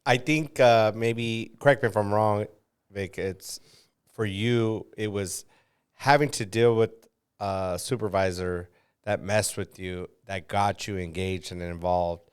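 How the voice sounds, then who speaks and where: A man's voice: on the low side, fairly even intonation, measured pace, clean tone. A man hosting a casual podcast chat, drawing his guest out with leading questions. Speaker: podcast host.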